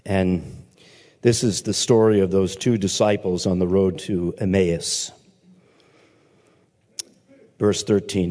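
Man preaching in a reverberant hall. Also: fairly low pitch. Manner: animated storytelling with quoted voices. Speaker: pastor. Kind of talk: sermon.

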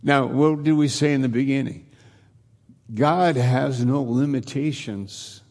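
A man preaching a sermon in a slow, repetitive cadence, building phrase on phrase. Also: medium pitch, darkish tone, big-room sound.

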